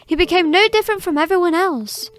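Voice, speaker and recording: A woman's voice: very high voice, fast talker. A woman voicing a cheerful, morbid immortal young girl, reading video game dialogue in a sweet, teasing manner. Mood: reflective. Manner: sweet, teasing, unbothered by death.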